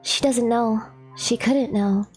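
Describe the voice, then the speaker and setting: Giggly woman streamer with a slightly high voice who reads game text aloud between chatty asides, with faint music underneath. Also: fairly even intonation, slow pace, a little mellow. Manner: giggly, chatty, many "like" fillers. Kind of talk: chatting and reading a visual novel aloud.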